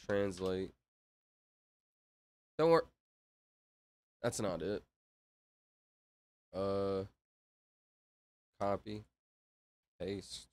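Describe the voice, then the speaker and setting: A man's voice: sits low, drawn-out words, long pauses, a little mellow. A man chatting casually on a livestream, rambling and interrupting himself while reading chat aloud.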